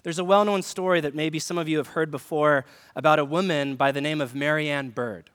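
A man's voice: on the high side, fairly even intonation, fairly quick, fairly bright tone, long reverb tail. A man, a pastor, giving a conversational sermon with humor and direct questions to the congregation. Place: church sanctuary.

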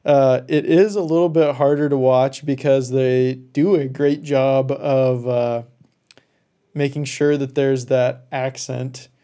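A man with a mellow, warm voice talks easily on a podcast. He chats casually and with enthusiasm, with plenty of fillers. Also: mid-range voice, takes it slowly. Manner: relaxed, enthusiastic, fillers and restarts. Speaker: podcast co-host. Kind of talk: casual chat about movies.

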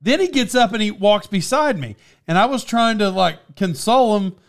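Laughing man, high voice. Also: animated, moderate pace. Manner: laughs often while telling stories. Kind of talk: casual chat.

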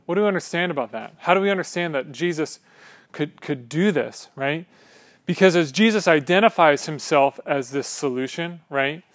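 A man's voice: on the high side, animated, normal speed. A man preaching a sermon in a church, conversational and joking with the congregation, often checking in with "right?". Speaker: pastor.

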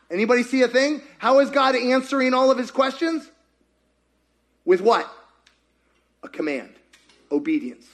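A man preaching a sermon as pastor, animated and full of questions put to the congregation. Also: very high voice, moderate pace.

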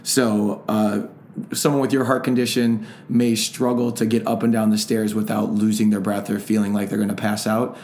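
A man hosting an interview, setting up questions in a supportive, measured way. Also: fairly low pitch, flat delivery, a little mellow, echoey room. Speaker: host.

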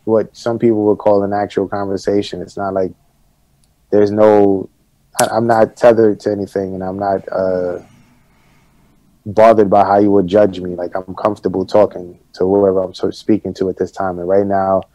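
A man speaks as a guest over a video call, blunt and emphatic with frequent swearing. His voice sits on the low side. The audio is dry with little room sound. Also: level tone, normal speed, dark tone, dry recording, rough recording. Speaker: podcast guest. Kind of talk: casual video-call conversation.

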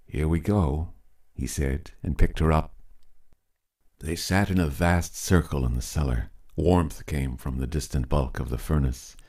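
A man narrating a written story in a measured, deliberate storytelling manner. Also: a bass voice, steady tone, darkish tone, slightly rough. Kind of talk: scripted narration.

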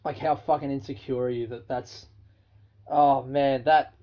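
A man's voice: medium pitch, level tone, unhurried, muffled recording. An Australian man hosting his own podcast, telling stories in a loose, profane, casual way and laughing through them. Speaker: podcast host. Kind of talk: casual solo storytelling.

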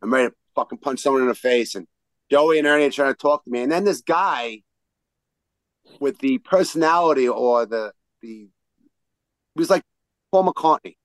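A man telling a rowdy, profane story to old friends, acting out the shouted lines. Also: mid-range voice, normal speed, pauses often, dry recording, rough recording. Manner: animated, profane, shouts out quotes mid-story.

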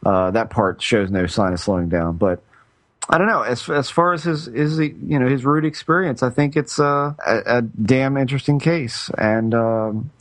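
A man's voice: medium pitch, normal speed, no room sound. Rambling middle-aged man telling a story. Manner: rambling, self-interrupting storyteller with frequent restarts. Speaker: podcast co-host. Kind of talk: casual chat.

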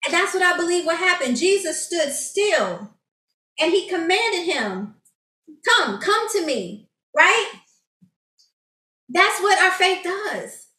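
Woman Bible study teacher, high and bright, eager and chatty, recorded from a distance in an echoey room. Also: very animated, takes it slowly, pauses often. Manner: enthusiastic, chatty, many fillers. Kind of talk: excited teaching and scripture reading.

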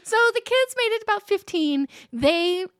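A woman in her forties tells a family story as a podcast co-host, her high voice swinging up and down with animated energy. She laughs often and throws herself into the telling, and the sound is close and dry. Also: moderate pace, no echo. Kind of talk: casual storytelling chat.

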